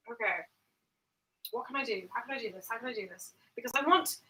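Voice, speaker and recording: A woman streamer chats casually while baking in her home kitchen, giggling, exclaiming and swearing at the cake. Her high-leaning voice is pushed and bright, captured roughly by a built-in device mic rather than a proper or headset microphone.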